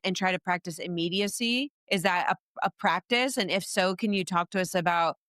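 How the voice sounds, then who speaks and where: A woman host speaks in a thoughtful, reflective way as she sums up her guest's points. Her voice is smooth and clear and sits a little low. The sound is dry and close, with no room around it. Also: normal speed, a bit bright, dry recording. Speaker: podcast host. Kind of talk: interview questions and reflection.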